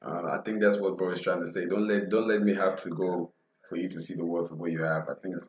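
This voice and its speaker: A man in his early twenties hosting a music reaction video, excitable and repeating phrases quickly. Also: low-pitched, reverberant. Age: early 20s.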